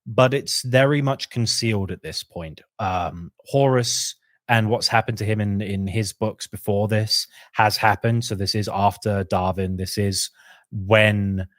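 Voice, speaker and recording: A man with a lowish voice chats about lore on a podcast, recorded close and dry. He keeps it casual and lively, often slipping into quick put-on voices for the characters he describes. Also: no room sound. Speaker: podcast co-host.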